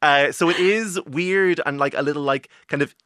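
A man's voice: fairly high pitch, sharp tone, no echo, studio quality. A young man, an author, chatting casually in an interview with many filler words. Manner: chatty, fast-flowing with many likes. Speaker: author and guest.

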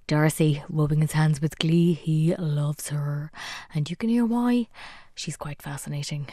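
A woman with an Irish accent presenting a radio arts show, reading brisk links. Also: on the low side, a little mellow, dry recording, clean studio sound.

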